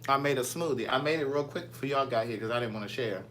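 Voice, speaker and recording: A man's voice: mid-range voice, fast talker, fairly bright tone, a little hiss or hum. Chatty man talking to viewers. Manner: chatty, playful, answers viewer comments. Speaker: vlogger. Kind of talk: casual live chat with viewers. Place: home kitchen.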